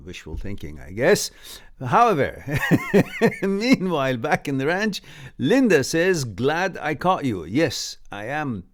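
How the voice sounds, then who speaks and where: Slow, chuckling male livestream host. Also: mid-range voice. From Canada. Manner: slow and chuckling, reads comments aloud with upbeat asides. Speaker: livestream host reading viewer comments. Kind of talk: casual live-stream chat.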